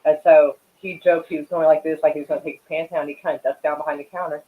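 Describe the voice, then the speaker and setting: A man's voice: a little high, flat delivery, fast talker, narrow, tinny audio. A man hosting a casual live stream and chatting with viewers, rambling and swearing while he smokes. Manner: rambling and profane, many fillers; smoking while talking.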